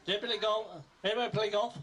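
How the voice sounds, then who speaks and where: A man's voice: high voice, little pitch movement, rapid-fire, sharp tone, a little hiss or hum, rough recording. A middle-aged man giving a rambling, joking speech at a family gathering, often correcting himself as he goes. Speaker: son giving a presentation. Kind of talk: informal family speech with jokes.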